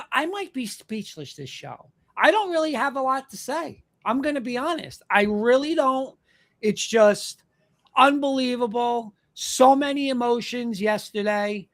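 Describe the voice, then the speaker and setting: A man hosting a live fan show, talking emphatically and repeating himself. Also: very high-pitched. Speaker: host.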